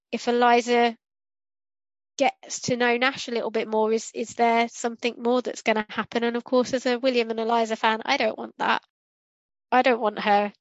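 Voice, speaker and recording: A woman's voice: on the high side, no echo, muffled recording. A woman co-hosting a casual podcast discussion, rambling and correcting herself as she goes and acting out what she was thinking. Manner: rambling, self-correcting, acts out quotes. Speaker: podcast co-host.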